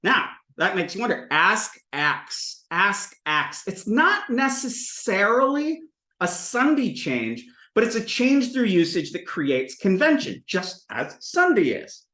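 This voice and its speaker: A man teaching a Sanskrit class, lecturing in a playful, animated way and thinking aloud with restarts. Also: high voice, measured pace, reverberant. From United States.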